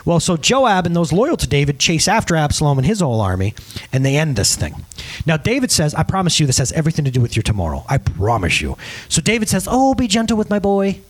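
Lively joking male pastor preaching. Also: a little high, fast. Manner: casual, joking, lively storytelling. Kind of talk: sermon. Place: church service.

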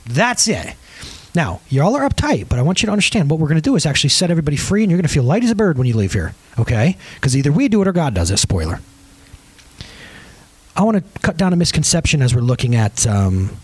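A middle-aged man preaching a sermon, animated and joking, with big swings between high and low. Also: slightly rough, no echo. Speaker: pastor.

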